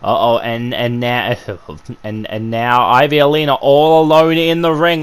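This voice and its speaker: A man doing amateur play-by-play commentary on a wrestling video game, excitable and full of fillers and stammered restarts. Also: mid-range voice, unhurried, clean tone.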